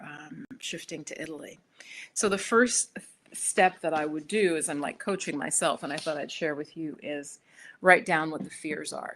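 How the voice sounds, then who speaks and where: A woman's voice: low-pitched, a bit bright. A middle-aged American woman chatting casually on her own livestream, rambling with restarts and fillers. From United States. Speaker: spiritual YouTuber.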